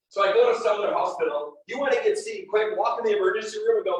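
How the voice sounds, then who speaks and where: Distant, echoey, high-voiced man telling a motivational story. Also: fast, few pauses. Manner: animated and personal, addresses the crowd directly. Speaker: real estate team leader speaking at an event. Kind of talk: motivational storytelling talk to a live audience. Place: event room with a live audience. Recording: very echoey room, distant mic, faint noise.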